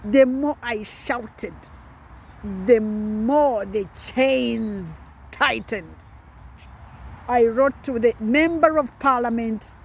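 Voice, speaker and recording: A woman's voice: on the high side, extremely slow, creaky, slight background noise. A woman in her forties, a doctor, giving an impassioned personal testimony with emphatic repetition. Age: 40s.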